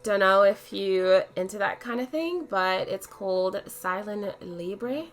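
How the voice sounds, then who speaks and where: A woman's voice: mid-range voice, lively intonation, slow, soft background music. A woman voicing a chatty young male metal-band shop owner with an Australian accent, reading his lines in a friendly, slangy way. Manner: laid-back, friendly slang.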